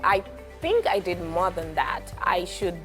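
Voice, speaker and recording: A woman's voice: fairly low pitch, sing-song, a little slow, soft background music. A woman guest chatting on a breakfast TV show, giggly and grateful as she answers the hosts. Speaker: studio guest. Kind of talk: casual breakfast-show chat. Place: TV studio.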